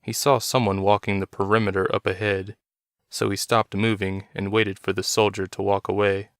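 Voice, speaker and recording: Man, low voice, smooth, steady story narration, dry recording. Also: normal speed, no echo. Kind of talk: reading a story aloud.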